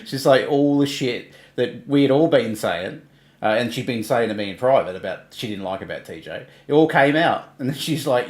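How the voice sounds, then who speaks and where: A man's voice: lowish voice, animated, moderate pace. Ranting man in an echoey room. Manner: ranting, mocking, laughing. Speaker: livestream host. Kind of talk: casual commentary on online drama.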